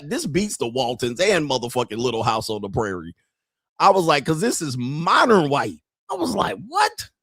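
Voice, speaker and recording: A man's voice: on the high side, no echo, clean studio sound. A man hosting a casual live stream, talking straight to his viewers in a brash, profane, rambling way with frequent laughter.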